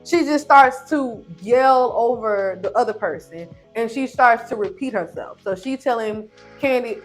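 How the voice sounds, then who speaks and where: A woman reviewer giving a casual, opinionated recap of a reality show in slangy, animated speech. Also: fairly high pitch, measured pace, few pauses, soft background music.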